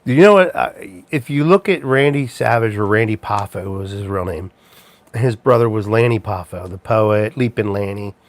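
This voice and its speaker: A man's voice: fairly low pitch, normal speed, dry recording. A man hosting a casual livestream chat, rambling and chuckling, with plenty of ums and restarts. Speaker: live show host.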